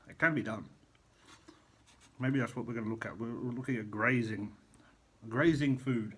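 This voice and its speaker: A man's voice: medium pitch, moderate pace, breathy edge. A middle-aged man, a chef, chatting casually in a vlog from a hotel room, rambling and eating as he talks. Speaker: chef vlogger.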